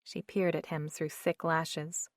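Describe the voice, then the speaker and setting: A woman narrating an audiobook in a slow, measured reading. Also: deep voice, little pitch movement, no echo, studio quality.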